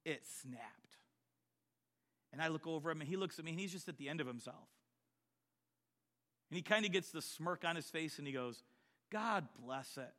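A middle-aged man preaching a sermon, telling personal stories and swinging from quiet storytelling to loud exhortation. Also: fairly high pitch, normal speed, long pauses. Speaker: pastor.

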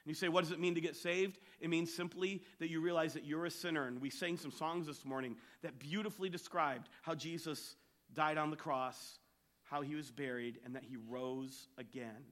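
High-voiced, bright male preacher. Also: normal speed. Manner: emphatic storytelling preacher. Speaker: pastor. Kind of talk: sermon.

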